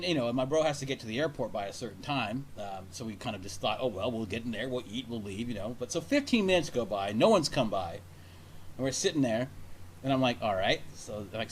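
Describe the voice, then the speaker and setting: Fast-talking man telling a rambling story. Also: medium pitch, a little hiss or hum. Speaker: radio show host. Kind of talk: casual storytelling chat.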